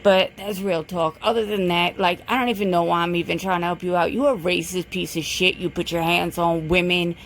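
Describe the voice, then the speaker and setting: A woman's voice: on the low side, flat delivery, a little fast, hardly any pauses. A woman vlogger delivering a blunt, profane, confrontational rant, lecturing and repeating her points for emphasis. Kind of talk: direct-to-camera rant.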